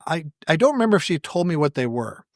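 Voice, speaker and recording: A man's voice: a little high, quick pace, no echo, clean studio sound. Man telling stories with acted-out dialogue. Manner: animated storyteller who acts out quoted dialogue; wry, self-deprecating humor. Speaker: podcast guest. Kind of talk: anecdotal storytelling in conversation.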